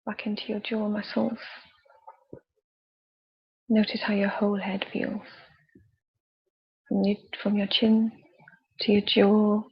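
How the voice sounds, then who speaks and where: A woman leading a guided body scan meditation with slow, soft, calm instructions and pauses. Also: mid-range voice, creaky, breathy edge, dull audio. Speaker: youth worker leading a relaxation exercise.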